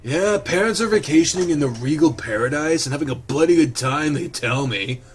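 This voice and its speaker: A man's voice: a little high, lively intonation, a little fast, pitched above the performer's own voice, lightly acted. A man voicing a lazy, crude, joking young male goat character.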